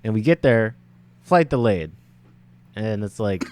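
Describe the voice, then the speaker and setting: A man's voice: fairly low pitch, animated, slow, pauses often, slight background noise. A young man telling a long story on a casual podcast, laughing often and acting out what people said. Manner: rambling, laughs often, acts out quotes. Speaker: podcast co-host.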